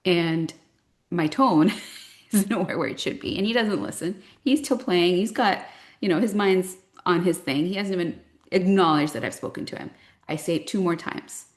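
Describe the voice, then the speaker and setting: Low-voiced woman coaching parents. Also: moderate pace. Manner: reflective, gently explanatory, with personal stories. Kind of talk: talk to a parent group.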